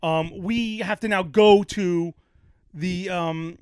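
A man's voice: high voice, fairly even intonation, slow pace, darkish tone, smooth, no room sound, clean studio sound. A middle-aged man from Brooklyn, telling a rambling, profane story as a podcast host and laughing often. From Brooklyn, New York. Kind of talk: casual chat, storytelling.

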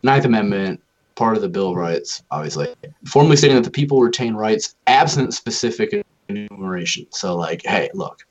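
A man rambles through a loose podcast chat, swearing as he goes. His voice is husky and swings widely in pitch. The recording sounds dull and lo-fi. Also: brisk. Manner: rambling, animated, swears freely. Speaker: podcast co-host. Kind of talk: casual profane chat.

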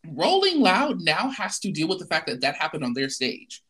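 Male co-host, casual opinion talk; blunt, emphatic, repeats lines for punch, very animated pitch. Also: moderate pace, husky.

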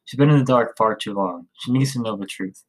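A man voicing a calm, steady middle-aged mother in a storybook, speaking softly without raising her voice. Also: lowish voice, a little fast, close to an everyday voice, poor audio. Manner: calm, soft-spoken.

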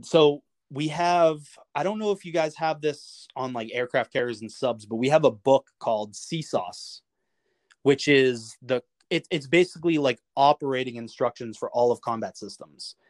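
A man, a navy veteran guest on a podcast, telling a story in a lively, casual way, cursing freely and acting out what others said. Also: medium pitch, normal speed, no room sound. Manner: animated storyteller, swears freely, acts out quoted lines with chuckles. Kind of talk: casual anecdote told in an interview.

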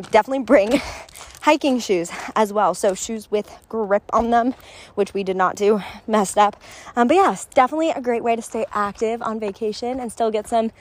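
A young woman chatting casually in a travel vlog, full of "like" and quick laughs, recorded on a phone. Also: mid-range voice. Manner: chatty, laughs often, lots of "like". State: out of breath. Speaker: travel vlogger. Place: outdoors on a hiking trail.

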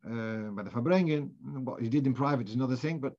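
Guy giving a torah class, thinking out loud, asks questions, restarts lines a lot, mid voice, muffled lo-fi sound. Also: medium pitch, fast. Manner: thinking aloud, posing questions and restarting phrases. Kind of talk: informal religious lecture. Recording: dull lo-fi recording.

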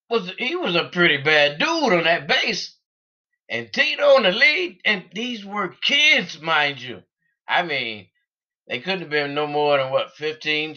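A man talks slowly in a loose, unscripted vlog monologue, earnest and rambling, with laughs between thoughts. His voice is bright and forward, and the audio is dull and lo-fi. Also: on the high side.

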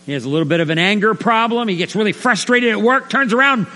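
A middle-aged male pastor preaching a sermon, animated and acting out little scenes with put-on voices. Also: high voice, quick pace. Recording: reverberant hall with faint mains hum.

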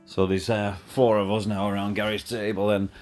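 A man's voice: on the low side, flat delivery, brisk, darkish tone, faint music behind. A man, telling a chatty, laddish story in a voice message, full of fillers. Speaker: caller sending a voice message.

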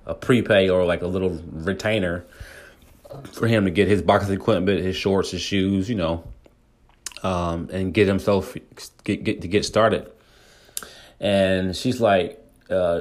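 A man hosting a podcast, casually retelling a story at length with lots of fillers and restarts. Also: low voice. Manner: rambling, many fillers and restarts. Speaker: podcast host.

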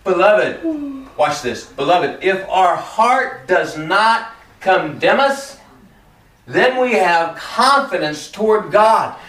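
A man preaching in a lively, swooping voice that sits a little high for a man. He talks to the room like a friend, tossing in jokes and acting out quick dialogues. The sound is roomy and picked up from a few steps back. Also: far from the mic. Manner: animated and conversational, joking, acting out quotes. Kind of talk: sermon.

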